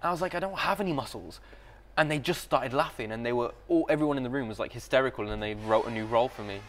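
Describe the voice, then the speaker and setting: A young man talks about acting in a relaxed, reflective way. His voice sits at a middle pitch, and he laughs easily as he chats. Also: very fast, slight background noise. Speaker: actor guest. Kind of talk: casual interview chat.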